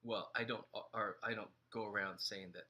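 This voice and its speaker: A man's voice: fairly low pitch, fairly even intonation, moderate pace, sharp tone. A man co-hosting a casual talk show, asking curious questions and giving brief affirmations. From immigrant family. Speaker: co-host. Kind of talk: casual conversational chat.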